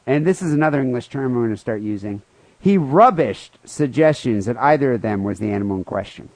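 A man's voice: medium pitch, expressive, brisk, darkish tone, no room sound. A man co-hosting a comedy podcast, telling a news story in crude, profane banter with mock outrage. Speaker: podcast co-host.

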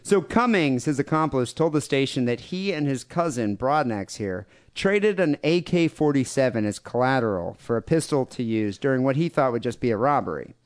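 A man's voice: medium pitch, expressive, normal speed, few pauses. Laughing Midwestern man reading news. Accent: Midwestern American. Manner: loose, jokey, laughs often between lines. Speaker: podcast host. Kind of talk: casual chat, reading news stories aloud.

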